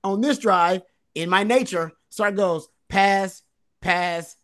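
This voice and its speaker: A man's voice: sits high, unhurried, a bit bright. A man co-hosting a sports podcast, analyzing a football game in casual talk and stressing points by repeating phrases. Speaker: co-host.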